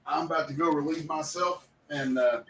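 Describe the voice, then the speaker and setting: A man's voice: on the high side, steady tone, normal speed, creaky, fairly bright tone. Crude, rambling man. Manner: crude, rambling, self-deprecating. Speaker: host and comic artist. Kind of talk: casual livestream chat.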